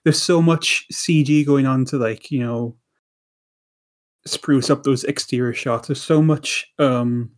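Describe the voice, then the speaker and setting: A man's voice: medium pitch, steady tone, takes it slowly. A man co-hosting a podcast, chatting casually and rambling with many restarts and repeated words. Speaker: podcast co-host. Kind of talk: casual chat.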